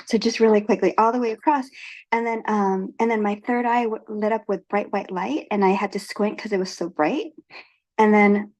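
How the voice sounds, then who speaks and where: Woman on a video call sharing her spiritual story, earnest, stops and restarts a lot, normal mid pitch. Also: darkish tone. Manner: halting, earnest, many restarts. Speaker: retreat guest speaker. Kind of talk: personal spiritual testimony.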